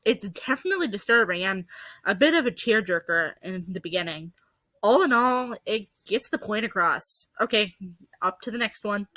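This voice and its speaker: A woman's voice: medium pitch, expressive, moderate pace, pushed and bright, no room sound, low-quality recording. A woman hosting a casual commentary video, talking bluntly and swearing a lot as she reviews ads.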